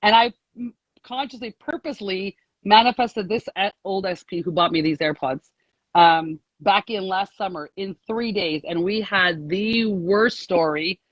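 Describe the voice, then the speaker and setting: A woman's voice: medium pitch, a little slow, dry recording. Chatty woman on a dull, dry call line. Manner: chatty, rambling, many "like"s, laughs often. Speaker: guest sharing a success story. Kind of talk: casual storytelling on a live call.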